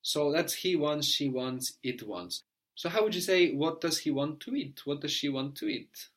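A man teaching a language lesson, patiently prompting his student and spelling words out letter by letter, often checking with a quick "no?". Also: fairly high pitch, lively intonation, fairly bright tone.

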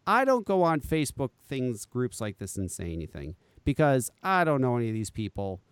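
A man's voice: medium pitch, very animated, a little fast, clean tone, no room sound. A man in his forties hosting a podcast, ranting in a profane, exasperated way in talk-radio commentary. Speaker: podcast host.

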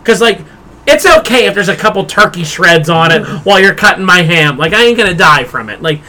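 A middle-aged man with a profane, exasperated and animated delivery, ranting in casual podcast chat. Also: high-pitched, fairly quick. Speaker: podcast co-host.

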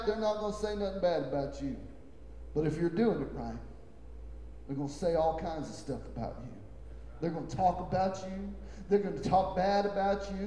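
A male pastor preaching a sermon in a church, emphatic and repetitive, dropping to low murmurs and rising to shouts. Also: slight background noise. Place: church sanctuary. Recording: echoey hall with long reverb.

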